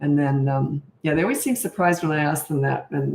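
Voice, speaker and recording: A middle-aged Canadian parenting coach answers viewer questions in a casual livestream Q&A, blunt and matter-of-fact. Her low, gravelly, darkish voice moves briskly with few pauses, and the room sounds echoey.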